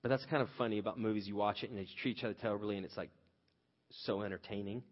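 A man in his thirties gives a conversational sermon and tells stories from his own family life. He restarts phrases often and gets loud when he quotes himself. The sound is dull and lo-fi, with a long reverb from a large hall. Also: lowish voice, steady tone, rapid-fire. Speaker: pastor.

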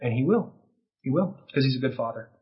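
A man preaching a sermon as pastor, impassioned, with peaks that rise to near-shouting. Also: medium pitch, lively intonation, fast talker, breathy edge. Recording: dull lo-fi sound.

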